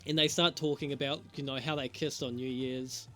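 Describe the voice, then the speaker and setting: A man's voice: mid-range voice, steady tone, fairly quick, pushed and bright, soft background music. A young man doing a casual review vlog, talking in a profane, sarcastic, rambling way and laughing at his own jokes. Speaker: show reviewer.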